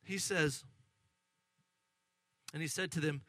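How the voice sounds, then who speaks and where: A middle-aged man preaching a lively sermon, acting out excited voices and asking the congregation questions. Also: sits high, a little slow, no echo. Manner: animated, acts out excited voices, addresses congregation. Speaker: pastor.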